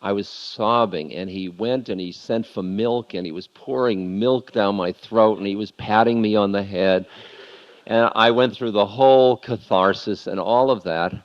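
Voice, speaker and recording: A man's voice: fairly low pitch, moderate pace, dull audio. Candid man telling a story at a lecture. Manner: candid confessional storytelling, laughing at himself. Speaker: spiritual lecturer.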